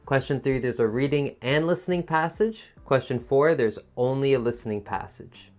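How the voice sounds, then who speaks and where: A man gives an online lesson in a soft, musical teacher voice that swings up and down. His pitch sits in an ordinary middle range. He speeds up and then slows right down to stress a point. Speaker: TOEFL teacher. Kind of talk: online lesson explaining a test.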